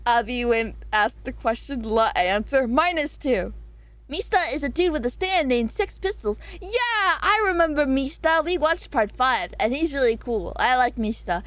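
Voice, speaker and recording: A woman's voice: sits high, no echo. A woman streaming a casual chat, reading out viewer suggestions, giggling often and swearing freely.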